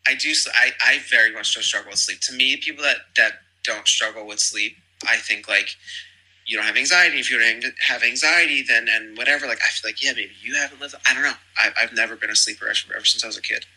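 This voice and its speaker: A man talks quickly in a loose, rambling way, piling up fillers as he gossips. His voice is husky, with a bright, forceful edge to it. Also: medium pitch, poor audio. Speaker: podcast guest. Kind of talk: casual chat.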